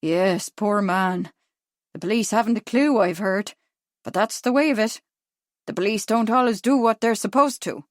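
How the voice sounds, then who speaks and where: A woman's voice: fairly high pitch, moderate pace, no room sound, clean studio sound, natural voice. A woman voicing a stout, self-important middle-aged shopkeeper with an Irish accent in an audiobook, chatty and proud. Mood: rueful.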